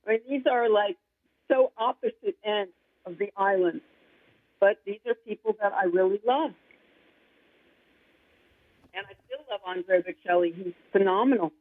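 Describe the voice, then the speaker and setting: A woman guest singer-songwriter chatting in an interview, gushing and rambling with excitement. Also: mid-range voice, normal speed, pauses often, no echo. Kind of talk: casual interview chat. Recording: tinny phone line, dry.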